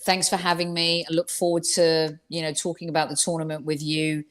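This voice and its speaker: A woman with a low voice talks a little fast in a level tone. Appearing as a guest pundit on a video call, she offers football predictions in casual chat, sounding thoughtful but hesitant and using fillers.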